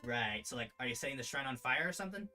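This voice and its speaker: Brief: brash half-oni woman, played by a man, drawling, dismissive, fast and bright. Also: mid-range voice, lively intonation, soft background music. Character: cocky half-oni woman, blunt and rough.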